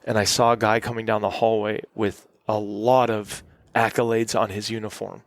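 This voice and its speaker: A man, a podcast guest, recounting a story in casual conversation, halting and restarting often and leaning on "like.". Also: on the low side, little pitch movement, no echo, studio quality. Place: cabin.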